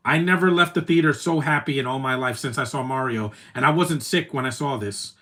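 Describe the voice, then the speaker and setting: A man's voice: medium pitch, a little fast, bright, forceful tone. A man live streaming his reactions to a movie, gushing and teary, rambling like an emotional fan. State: teary, choked up. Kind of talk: casual reaction commentary.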